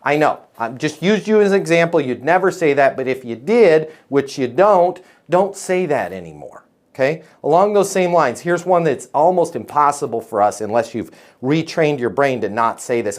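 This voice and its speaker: A man's voice: on the high side, lively intonation, normal speed. A man coaching salespeople on a live video call, emphatic and punchy, checking in with "right?" and "okay?" as he goes.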